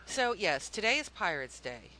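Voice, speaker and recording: A woman's voice: medium pitch, very animated, moderate pace, sharp tone. A woman co-hosting a casual gaming podcast, playfully grumbling and laughing often. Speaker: podcast co-host.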